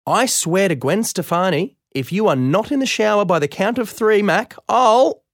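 A man's voice: high voice, lively intonation, moderate pace, dry recording, studio quality, pitched above the performer's own voice. A man reading a storybook aloud and voicing a harried, short-tempered mother who scolds her son in a raised voice. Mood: exasperated.

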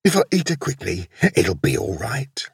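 A man doing a grumbling soft-hearted old wolf. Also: lowish voice, huge pitch swings, normal speed, slightly rough, dry recording, studio quality, distant mic, heavily acted. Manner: groaning, exasperated.

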